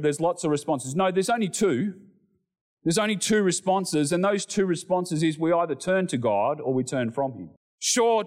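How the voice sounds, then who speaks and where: A middle-aged male pastor preaching a sermon, animated, acting out scripture voices and climbing loud at the high points.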